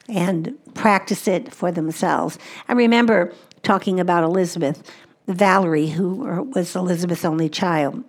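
A woman speaking at a conference, teaching mothers about Christian parenting in an earnest way and repeating her key points for emphasis. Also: fairly low pitch.

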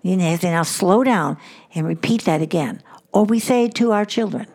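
A woman's voice: fairly low pitch, normal speed, a little mellow. An older woman hosting a devotional podcast, talking in an earnest, reflective way and repeating words for emphasis. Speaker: podcast host.

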